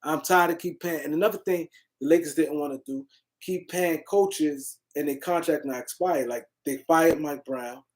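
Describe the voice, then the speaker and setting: A man hosting a casual sports livestream, answering comments and shouting out viewers in the chat. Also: a little high, moderate pace. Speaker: livestream host.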